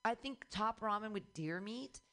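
A woman hosting a comedy workshop, giving blunt, profane, animated feedback on a set. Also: medium pitch, normal speed. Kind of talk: casual notes on a comedy set.

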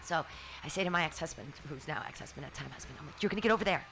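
A woman in her forties, from California, co-hosting a radio show and telling a story in a lively way. She laughs often, swears casually and acts out her own shouting. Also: deep voice, racing, faint music behind. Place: small radio studio.

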